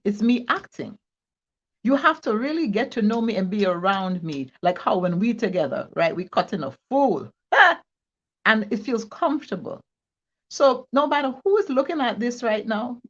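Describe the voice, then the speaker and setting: A woman's voice: medium pitch, highs cut off. A woman with an accent chatting playfully as a guest. She laughs often and repeats herself. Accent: non-native English accent. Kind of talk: casual chat. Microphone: video call.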